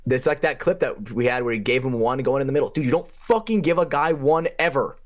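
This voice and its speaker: A young man co-hosting a podcast, telling a game story in a casual, profane way, with his voice jumping up in pitch for emphasis. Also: fast. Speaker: podcast co-host and paintball player.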